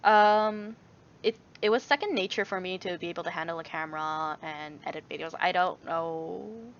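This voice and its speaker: A woman's voice: fairly low pitch, moderate pace, muffled recording, a little hiss or hum. A young woman chatting casually in a vlog, answering viewer questions with lots of fillers, restarts and laughs. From Canada. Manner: rambling, many fillers and restarts, laughs often. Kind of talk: casual chat.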